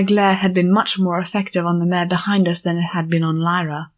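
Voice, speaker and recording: A woman narrating an audiobook chapter in a measured storytelling manner. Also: fairly low pitch, little pitch movement. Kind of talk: scripted narration.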